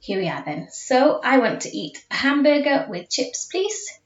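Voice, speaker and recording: A woman's voice: high-pitched, sing-song, measured pace. A woman teacher walks her pupils through a video lesson step by step, checking in often. She sounds set back from the mic in an echoey room. The sound is a bit dull. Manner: patient, explains step by step, often checks with okay. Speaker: school Spanish teacher. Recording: echoey, distant, dull classroom recording.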